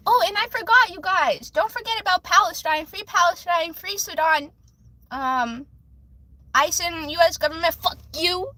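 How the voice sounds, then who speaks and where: A woman's voice: extremely high pitch, normal speed, pushed and bright. A woman hosting a livestream with card readings, chatting casually and rambling emotionally straight to her viewers.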